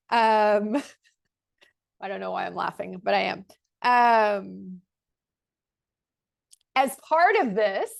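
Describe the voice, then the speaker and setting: A woman hosting a motivational talk. She coaches viewers through affirmations, repeating them slowly and with emphasis, and sometimes laughs at herself in a casual aside. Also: on the high side, gravelly, fairly bright tone. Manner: slow, emphatic repetition of affirmations; laughs and self-corrects casually. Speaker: life coach host.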